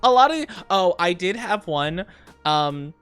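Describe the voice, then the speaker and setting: A woman's voice: lowish voice, very animated, measured pace, clear, resonant tone, soft background music. Rambling, giggly woman streamer. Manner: rambling and giggly, heavy on fillers. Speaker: VTuber streamer. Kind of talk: casual chat on a livestream.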